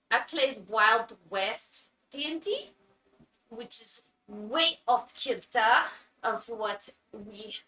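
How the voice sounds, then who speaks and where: A woman's voice: mid-range voice, pushed and bright, slight background noise. A woman player chatting casually in a rambling, self-mocking way about the game. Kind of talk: casual chat. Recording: roomy, distant mic.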